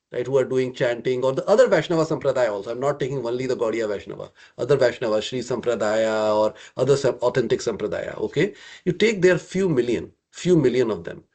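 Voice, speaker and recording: A man's voice: mid-range voice, warm tone. A man teaching an interactive scripture study class, questioning his group and often checking in with "okay" and "right".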